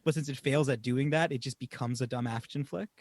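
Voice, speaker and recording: A young man co-hosting a casual movie podcast, animated and swearing, often laughing and mocking what he watched. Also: mid-range voice, brisk. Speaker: podcast co-host. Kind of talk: casual film review chat.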